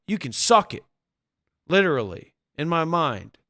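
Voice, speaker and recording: A man's voice: on the high side, big pitch swings, unhurried, a bit bright, no echo, studio quality. A man who teaches spirituality, talking bluntly and profanely to viewers on a livestream. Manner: blunt and profane, acting out quoted voices.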